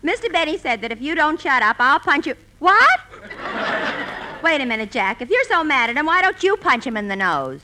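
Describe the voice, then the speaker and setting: A woman in a 1940s radio comedy, teasing and brisk. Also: high voice, very animated, noisy background.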